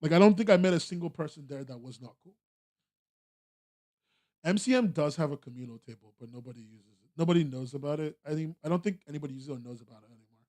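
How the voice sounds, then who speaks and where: Speaking quickly in a fairly high, darkish voice, a young American man rambles through a casual podcast chat. He's laid-back, with lots of filler words and restarts.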